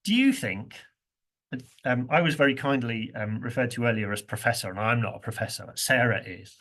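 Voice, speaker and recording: He talks fast, his medium-pitched voice pushed and bright with fairly even intonation. As a university workshop presenter he's playful and interactive, often laughing and dramatizing the stress in example phrases.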